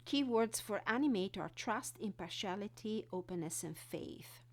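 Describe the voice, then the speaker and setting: A woman walking through an oracle card deck, reading card texts and explaining them in an unhurried way. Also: mid-range voice, expressive. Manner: unhurried, reads card text then explains with fillers.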